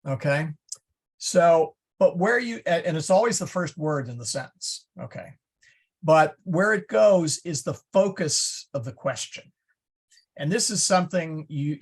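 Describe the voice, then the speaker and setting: Slow, husky man teaching Latin. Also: a little high. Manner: halting, many restarts, explains patiently. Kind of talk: online class teaching. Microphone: video call.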